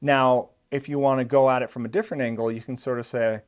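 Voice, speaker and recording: Talking to camera in a clear, resonant, medium-pitched voice, a man gives a casual, fast but steady explainer like a channel host offering practical tips step by step. He is easygoing and reassuring, with the odd "uh" and "you know," and suddenly pumps up the energy when acting out what a patient might say.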